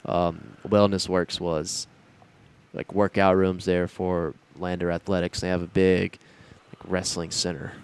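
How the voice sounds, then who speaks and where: A man's voice: sits low, little pitch movement, unhurried, clean tone. A young man co-hosting a college sports podcast, chatting casually and rambling with restarts. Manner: laid-back, rambling with restarts. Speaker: podcast co-host.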